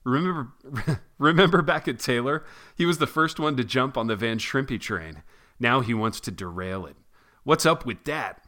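A man's voice: medium pitch, expressive, normal speed, pushed and bright. A man voicing a skeptical, casual male sidekick in a comedic story reading. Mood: doubtful.

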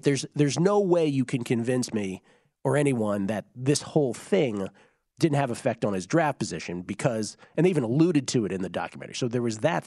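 A man co-hosting a casual sports chat, voice hoarse and giving out, talking in a conversational way and explaining background. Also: medium pitch, a little mellow, no echo, studio quality. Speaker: podcast co-host.

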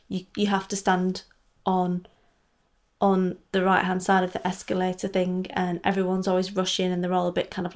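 A woman hosting a casual knitting podcast, chatting in a rambling way with lots of asides. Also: mid-range voice. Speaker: podcast host. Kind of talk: casual solo podcast chat. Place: home in Scotland.

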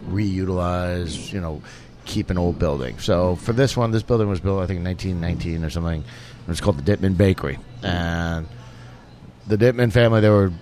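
A man's voice: low-pitched, a little fast, a little mellow, a little hiss or hum. A man in his forties, a restaurant owner being interviewed, telling stories in an easygoing, rambling way and often restarting his sentences. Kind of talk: casual storytelling interview.

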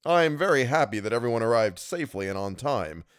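A man's voice: mid-range voice, lively intonation, fast talker, dry recording, studio quality, lightly acted. A man reading an audiobook, voicing a cheerful, fussy older male doctor in an effusive, hearty manner.

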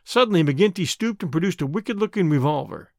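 Expressive male audiobook narrator. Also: a little high, dry recording, clean studio sound. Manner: measured, expressive storytelling.

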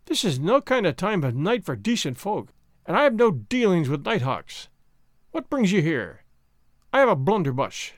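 A man's voice: high-pitched, big pitch swings, moderate pace, no room sound, studio quality. Ebenezer, a man doing a quavering old miser. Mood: suspicious. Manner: quavering, suspicious, blustering. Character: miserly fearful old Scots uncle.

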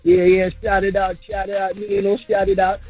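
A man's voice: high voice, drawn-out words, a little mellow, breathy edge, soft background music, full character voice. A man calling in anonymously to a radio show, putting on a fake accent to disguise his voice. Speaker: anonymous caller. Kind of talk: radio call-in.

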